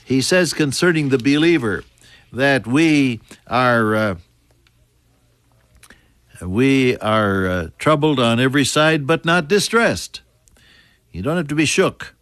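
An older man preaching a sermon. He rises to loud emphasis on scripture and drops to soft, near-whispered lines. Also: mid-range voice, lively intonation, slow pace, long pauses, dry recording. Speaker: pastor.

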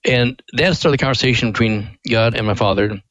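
An older man, a ministry president, telling a story in an earnest, animated way during a radio interview. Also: medium pitch, a little fast, no room sound, poor audio.

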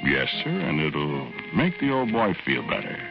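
A man narrating as a folksy, easygoing everyday fellow, telling his own story in a relaxed way with drawn-out asides, in 1940s radio acting style. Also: extremely low pitch, full character voice. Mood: reminiscing. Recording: muffled old radio recording with music underneath.

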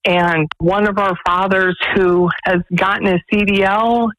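A woman's voice: mid-range voice, a little slow, highs cut off, a little hiss or hum. Earnest woman telling stories on radio. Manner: earnest, animated storyteller. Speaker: executive director of a pregnancy resource center. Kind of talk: radio interview guest, storytelling.

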